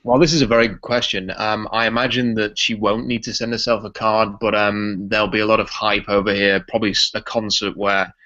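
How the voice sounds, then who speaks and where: A man from Yorkshire with a Yorkshire English accent, a podcast guest chatting casually in a relaxed, rambling way with lots of ums. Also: fairly low pitch, brisk, few pauses, dull audio. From Yorkshire, England.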